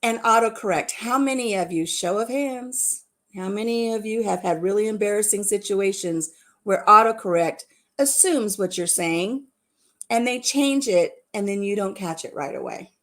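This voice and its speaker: A woman's voice: medium pitch, moderate pace. A woman hosting a casual livestream chat, giggling often and repeating herself as she talks. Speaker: livestream host.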